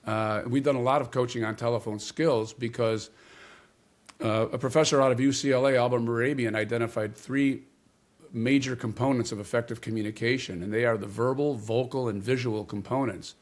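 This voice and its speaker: A man as an interview guest, explaining communication ideas in a measured way and stressing key words. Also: mid-range voice, fairly even intonation. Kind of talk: interview conversation.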